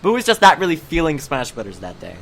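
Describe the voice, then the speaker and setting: A man's voice: a little high, wildly swooping pitch, quick pace, creaky, fairly bright tone, a little hiss or hum. A man co-hosting a casual gaming podcast, chatty and rambling, with lots of fillers and restarts. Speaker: podcast co-host.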